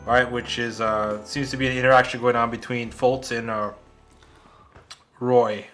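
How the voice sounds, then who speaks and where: A man co-hosting a podcast, talking in a relaxed, filler-heavy way and reading an excerpt aloud. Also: medium pitch, moderate pace, soft background music. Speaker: podcast co-host. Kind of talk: casual chat and reading aloud.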